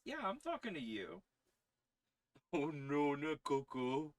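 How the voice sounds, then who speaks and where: A man's voice: fairly high pitch, wildly swooping pitch, slow pace, pauses often. A man hosting a story-reading podcast stream, chatting casually and playfully between readings and teasing his cats. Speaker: podcast host reading old stories aloud. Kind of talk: casual chat on a live stream.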